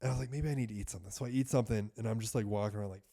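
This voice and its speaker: Racing along in a lowish voice with vocal fry, an American podcast guest in his 30s tells a casual story, swearing and animatedly impersonating the doctors he quotes.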